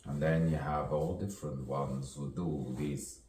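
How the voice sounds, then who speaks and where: A man's voice: very deep voice, steady tone, measured pace, a little mellow, recorded from a distance, slight background noise. A man, a poet and playwright, rambling through a spoken-word monologue, musing and drifting between put-on voices and whispers. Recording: echoey room, voice off-mic, faint ambience.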